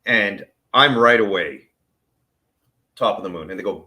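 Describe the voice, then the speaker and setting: A man's voice: lowish voice, a little slow, bright, forceful tone. A man telling his own story of illness in a candid, earnest way, openly emotional and plain-spoken. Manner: plain-spoken, with the odd curse. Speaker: vlogger sharing his chronic illness story.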